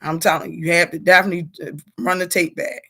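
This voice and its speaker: A woman's voice: fairly low pitch, fast, gravelly. A middle-aged woman leading a casual leadership workshop, reading out comments and laughing with the group. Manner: animated, laughing, talks to the group as y'all.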